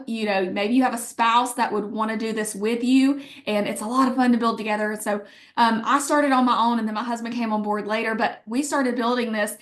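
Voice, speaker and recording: A woman with an Alabama accent giving a motivational business pitch, telling her story with emphatic asides. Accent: Southern US, Alabama. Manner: emphatic storytelling, quoting herself and others. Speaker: guest speaker on a business call.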